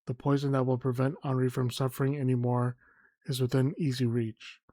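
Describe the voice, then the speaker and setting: A man reading a game's story text aloud in a soft, unhurried way, sometimes stumbling and correcting himself. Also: medium pitch, flat delivery, no room sound. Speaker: gameplay narrator. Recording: faint music behind.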